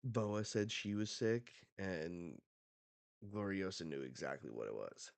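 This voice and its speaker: A man's voice: sits low, lively intonation, a little slow, creaky, no echo. A man hosting a manga reaction, reading the chapter aloud with casual, slangy asides.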